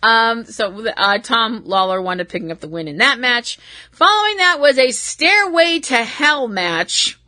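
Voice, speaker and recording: Bright-voiced woman recapping wrestling, giggly. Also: on the high side, animated, unhurried, no room sound. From Massachusetts. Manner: rambling and self-deprecating, laughs at herself. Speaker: podcast host.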